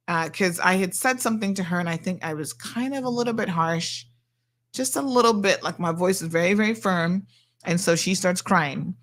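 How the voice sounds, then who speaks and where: A woman's voice: lowish voice, normal speed, fairly bright tone. A woman hosting a radio show from the studio, chatting casually and reading out listener messages.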